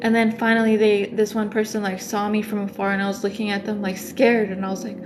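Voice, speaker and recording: A woman's voice: mid-range voice, flat delivery, normal speed, music in the background. A woman tarot reader on a livestream, telling a dream in a rambling way with many fillers.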